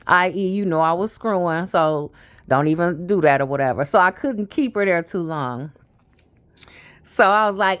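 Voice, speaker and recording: A woman's voice: on the low side, normal speed, a bit bright. A woman in her fifties telling stories in a casual, rambling monologue, often trailing off with fillers. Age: 50s. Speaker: vlogger.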